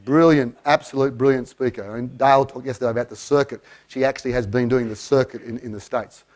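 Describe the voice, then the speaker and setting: A man's voice: mid-range voice, fast talker. Man leading a breathing exercise on stage. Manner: lively, coaxing, counts out breaths. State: a bit out of breath. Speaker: keynote speaker. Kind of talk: live keynote talk, guiding a breathing exercise. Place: room with a live audience.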